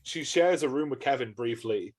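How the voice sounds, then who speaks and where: A man's voice: mid-range voice, expressive, normal speed, darkish tone. Male podcast co-host, mid voice, rambling, filler-heavy. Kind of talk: casual chat.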